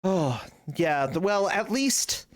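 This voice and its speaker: A man streams a text adventure and talks over it in a slow, unhurried way. He jokes around, with playful, sudden bursts of loud excitement. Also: high voice. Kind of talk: casual gameplay commentary.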